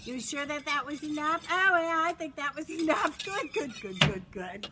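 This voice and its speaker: In a noisy home video, an older woman with a high, expressive voice hosts a mock cooking show at a moderate pace. This grandmother playfully impersonates a famous TV chef, fluttering and exclaiming as she bosses her helper around the kitchen.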